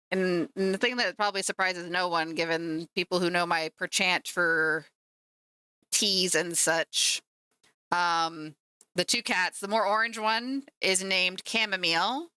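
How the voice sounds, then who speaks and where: Bright, clear-voiced woman streamer chatting. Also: fairly low pitch, steady tone, slow, no echo. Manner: chatty and playful, teasing her cat. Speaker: streamer painting miniatures. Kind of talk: casual live-stream chat.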